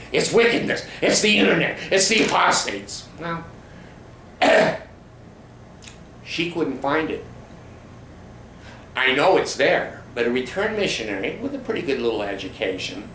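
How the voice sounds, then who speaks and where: A man giving an angry, profane monologue about his church, speaking slowly and emphatically. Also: mid-range voice, fairly bright tone, slight background noise. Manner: indignant, profane, slow and emphatic. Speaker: former glazier ranting about his church. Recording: roomy echo with faint ambience.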